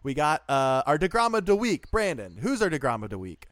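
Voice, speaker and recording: A man's voice: on the high side, huge pitch swings, a little fast, fairly bright tone, no echo, clean studio sound. A man co-hosting a casual sports podcast, upbeat and laughing often as he jumps between thoughts. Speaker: podcast co-host. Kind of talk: casual chat.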